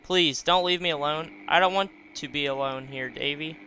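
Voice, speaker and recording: A man's voice: moderate pace, bright, forceful tone, a little hiss or hum. A man doing a frail confused old mother. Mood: pleading. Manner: doting, then shrill and frantic. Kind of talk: reading game dialogue aloud.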